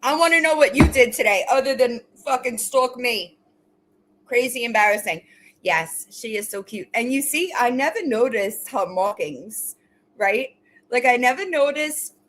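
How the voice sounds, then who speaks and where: A woman's voice: on the high side, expressive, unhurried, a bit bright, a little hiss or hum, low-quality recording. A woman hosting a casual livestream, talking straight to her viewers. She mocks her commenters bluntly and swears freely, then coos at her pets. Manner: blunt, mocking, profane toward commenters; gushing baby talk to pets. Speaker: livestream host.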